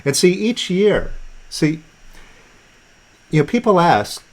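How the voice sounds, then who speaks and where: A man hosting a live online teaching session, talking in a relaxed, conversational way with fillers and restarts. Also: high voice, slow. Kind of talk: casual teaching talk on a video call. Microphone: video call.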